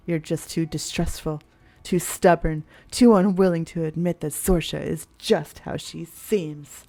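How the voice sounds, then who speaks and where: Low-voiced woman streamer reading a game. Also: a little slow, vocal fry, soft background music. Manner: expressive, swears freely, laughs at the story. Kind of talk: reading a visual novel aloud with commentary.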